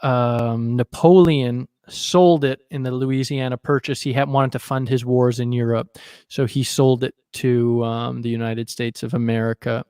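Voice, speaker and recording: A man from Canada talking casually on a video call, relaxed and rambling with plenty of fillers. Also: medium pitch, measured pace, clear, resonant tone, no room sound, studio quality. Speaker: guest presenter, local correspondent. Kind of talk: casual livestream chat.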